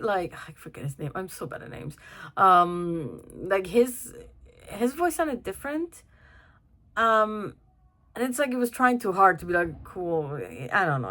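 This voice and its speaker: A young woman giving a chatty, casual film review, full of fillers and restarts and quick to laugh. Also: fairly low pitch, a bit bright.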